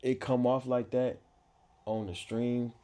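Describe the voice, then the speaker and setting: A man's voice: mid-range voice, level tone, slow pace, dark tone. A man in his twenties, a podcast guest, chatting casually in a laid-back, slangy, playfully boastful way. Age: 20s. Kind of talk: casual chat.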